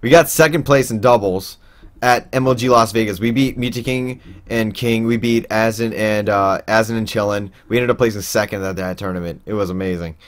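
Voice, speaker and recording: A man's voice: on the low side, a little fast. A young man telling a personal story in a casual, rambling way, with lots of fillers and restarts. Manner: acts out quoted people in raised voices.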